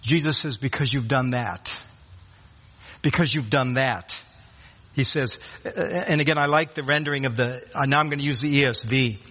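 A man preaching a sermon, earnest and emphatic, dropping from loud declarations to hushed tones. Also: medium pitch, moderate pace. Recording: long hall reverb.

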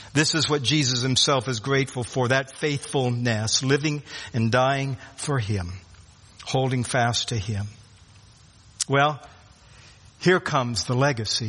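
A man preaching a sermon, earnest and emphatic, dropping from loud declarations to hushed tones. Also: on the high side. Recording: long hall reverb.

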